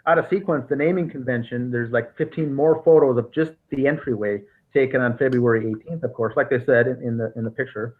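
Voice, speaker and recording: A man's voice: mid-range voice, fairly quick, hardly any pauses. A man hosting a podcast, recounting case details methodically with frequent restarts. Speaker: podcast host. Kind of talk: casual investigative discussion. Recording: tinny phone-like line.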